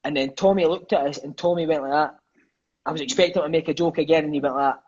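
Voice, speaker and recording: A Scottish man in his thirties rattles off his stories at a quick clip, in a slightly high, husky voice. He talks loosely and swears freely. The audio is dull and lo-fi. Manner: lively, swears freely, peppers speech with "mate" and "eh". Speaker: guest, former footballer. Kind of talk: casual storytelling chat.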